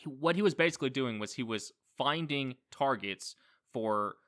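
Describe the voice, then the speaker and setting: Rambling man with a bright voice. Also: medium pitch, lively intonation, moderate pace. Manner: loose, rambling, swears casually. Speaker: podcast co-host. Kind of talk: casual movie review chat.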